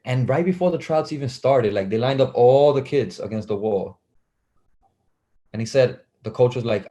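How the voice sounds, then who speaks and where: Animated New man telling stories. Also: medium pitch, moderate pace. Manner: animated, acts out quoted voices, laughs often. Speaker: guest, pro basketball player. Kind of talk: casual storytelling.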